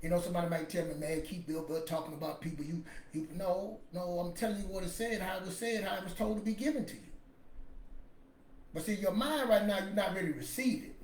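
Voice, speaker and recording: A man's voice: sits high, quick pace, far from the mic, a little hiss or hum. Storytelling man in an echoey room. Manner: storytelling, rambling, emphatic and preachy. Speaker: podcast host. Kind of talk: casual motivational talk. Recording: echoey room with faint ambience.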